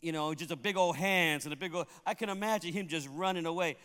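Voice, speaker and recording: A pastor from Puerto Rico delivers a sermon in a church sanctuary, telling humorous stories and laughing at them himself. He speaks quickly in a fairly high voice that is bright, forceful, clear, and resonant, with long hall reverb on the recording.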